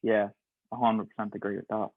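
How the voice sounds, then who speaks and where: A man's voice: fairly low pitch, flat delivery, fairly quick, no echo. An Irish man guesting on a podcast, agreeable and chatty, with frequent "um" and "yeah". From Ireland. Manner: agreeable, many "um" and "yeah" interjections. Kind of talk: casual interview chat. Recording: tinny phone-like call audio.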